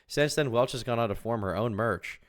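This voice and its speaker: A man's voice: mid-range voice, moderate pace. A young man commenting on a live stream, wry and rambling with sarcastic asides. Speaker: live streamer reacting to clips.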